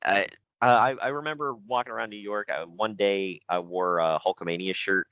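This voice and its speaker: A man's voice: fairly low pitch, a little fast, fairly bright tone, smooth, no room sound, lo-fi sound. A man in casual podcast chat, telling rambling stories between laughs. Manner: laughing storyteller, loose and rambling. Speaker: podcast co-host.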